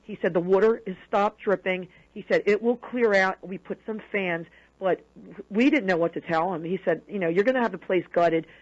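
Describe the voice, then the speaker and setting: A woman's voice: mid-range voice, moderate pace. Woman telling a story on lo-fi radio. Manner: animated retelling that acts out quoted dialogue. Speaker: radio show guest. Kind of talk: personal storytelling on a call-in radio show. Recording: dull lo-fi radio broadcast audio.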